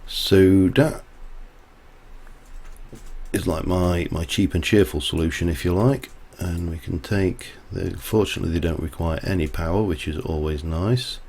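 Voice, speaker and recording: Here a man speaks a little slowly in a low-pitched, gravelly, husky voice that's slightly mellow. He's a livestreamer offering casual gameplay talk, chatty and rambling, with side stories breaking in mid-task.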